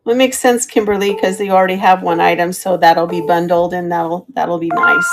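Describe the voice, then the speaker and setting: A woman's voice: on the low side, steady tone, a little fast, hardly any pauses, music in the background. A middle-aged woman chatting as she sells vintage items on a live stream, thanking viewers by name. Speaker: live auction seller. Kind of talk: live-stream selling chat.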